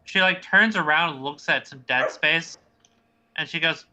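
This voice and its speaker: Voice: mid-range voice, unhurried, bright, forceful tone, a little hiss or hum. A game master who narrates a tabletop game in a casual, rambling way, stumbling often over descriptions. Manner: casual and rambling, with many fillers.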